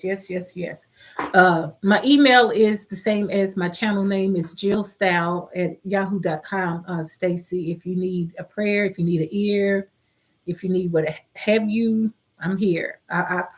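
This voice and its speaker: A middle-aged woman hosting a casual live-stream chat, reading viewer comments aloud in a heartfelt, caring way. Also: fairly low pitch.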